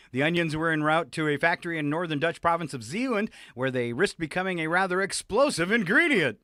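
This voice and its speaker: A man's voice: a little high, expressive, a little fast, bright, forceful tone, no echo, clean studio sound. A man hosting a morning radio show, reading offbeat news in a jokey way and laughing often. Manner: jokey, laughs often, plays sound clips. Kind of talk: casual radio banter, reading news stories. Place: radio studio. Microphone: studio microphone.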